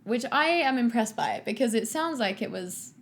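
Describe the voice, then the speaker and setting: A woman's voice: on the high side, expressive, normal speed. A woman co-hosting a podcast, reading a book aloud and breaking off for sarcastic, wry commentary.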